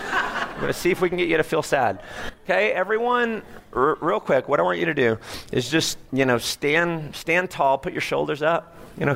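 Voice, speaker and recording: A man speaking to a live audience about sales and confidence, leaning on a gravelly edge in a fairly high voice. He talks in a coaxing, animated way and slips into short acted-out exchanges. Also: slight background noise. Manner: animated, coaxing, acts out quick dialogues. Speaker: seminar speaker.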